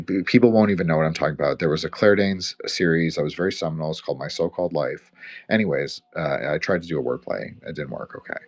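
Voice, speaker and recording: A man with a slight Quebecois accent hosting a live audio chat, rambling and profane, with frequent fillers. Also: sits low. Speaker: host. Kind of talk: casual closing remarks on a live audio chat.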